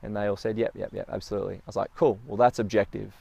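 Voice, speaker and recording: A man's voice: on the low side, steady tone, racing, gravelly, dark tone, breathy edge, muffled recording. A man talking casually and reflectively, telling a story and acting out the quoted lines, with fillers and repeated words. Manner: storytelling, acts out quoted dialogue. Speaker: speaker sharing personal reflections.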